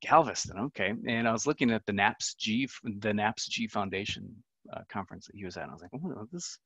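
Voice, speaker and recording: A man's voice: on the low side, quick pace, sharp tone, husky, no room sound, highs cut off. A man giving a casual online talk as a conference speaker, chatty and self-deprecating, with lots of ums and uhs.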